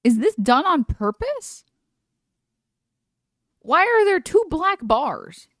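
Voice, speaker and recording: Casual rambling woman streamer, slightly high voice, dead-dry sound. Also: sing-song, slow, no echo. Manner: rambling, nervous, many filler likes and laughs. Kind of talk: casual reaction stream chat.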